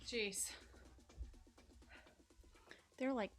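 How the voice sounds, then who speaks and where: A woman's voice: a little high, a little slow, pauses often, a bit bright, faint music behind. A young woman streaming from home on a corded mic, chatting with her viewers and yelping now and then as she juggles and works up a sweat. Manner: chatty, reads chat aloud, bursts into yelps while juggling. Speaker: live streamer. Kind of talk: casual live-stream chat.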